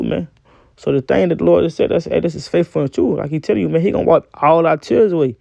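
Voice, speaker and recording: A man giving an informal scripture teaching in street slang, ending nearly every phrase with "man" and reading verses slowly. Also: a little high, gravelly, mellow, no room sound, muffled recording. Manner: reads verses slowly and deliberately.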